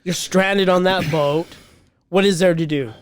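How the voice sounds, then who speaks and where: Brief: male podcast host, fairly high voice, crude teasing banter, dry close sound. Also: fairly even intonation, a little slow, dry recording. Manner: crude, teasing, heavy swearing.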